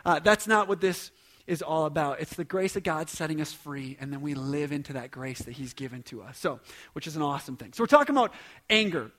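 High-voiced man preaching conversationally. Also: animated, fairly quick. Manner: conversational, emphatic preaching with quiet asides. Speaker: pastor. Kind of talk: sermon.

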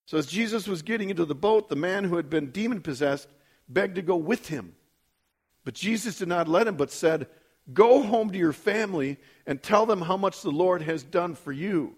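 A man leading a Bible study, reading scripture aloud and breaking in with casual asides, often ending with "right?" and acting out quoted lines in sudden higher voices.

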